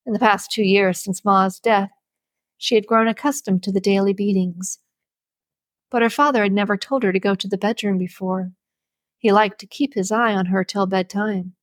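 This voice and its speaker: A woman reading a novel aloud as an audiobook narrator, with steady, measured storybook narration. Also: mid-range voice, no room sound.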